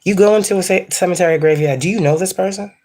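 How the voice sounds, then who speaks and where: Speaking fast in a lowish, slightly mellow voice, a woman gives a casual tarot reading as a psychic. She turns it into a rant, scolding viewers bluntly with plenty of profanity.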